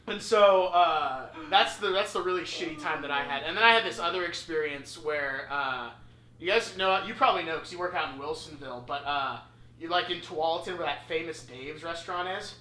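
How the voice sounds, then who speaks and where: Young man telling a story, bright. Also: a little high, fairly quick. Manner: animated, swearing, acts out voices. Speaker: podcast host. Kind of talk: casual storytelling. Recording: echoey room with faint noise.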